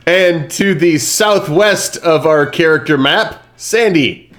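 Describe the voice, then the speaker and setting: A man's voice: a little high, slow, fairly bright tone, soft background music. A man hosting a live-streamed tabletop game as game master, chatty and rambling with lots of fillers over a video call.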